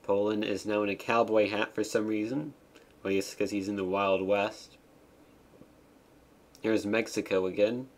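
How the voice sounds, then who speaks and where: A man streaming a game, giving casual commentary with wry, deadpan asides as he reads the game's text aloud. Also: on the low side, measured pace, long pauses.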